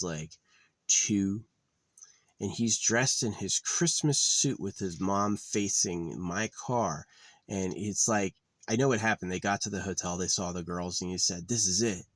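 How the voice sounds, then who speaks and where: Very deep gravelly-voiced male vlogger. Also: a bit bright, dry recording. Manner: rambling and profane, with many fillers. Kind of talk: casual vlog monologue.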